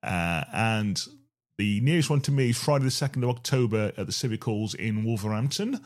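A man's voice: on the low side, a little fast, a little mellow. A middle-aged man from the Black Country with a Black Country accent, hosting an internet rock radio show in a rambling, chatty, self-deprecating way. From Black Country, England. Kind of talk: casual radio show chat.

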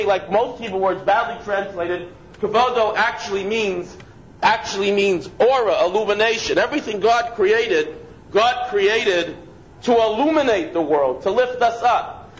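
A man, a rabbi, giving a conversational lecture with stories, asides and frequent restarts. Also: sits high. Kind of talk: lecture with storytelling. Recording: dull lo-fi with faint noise.

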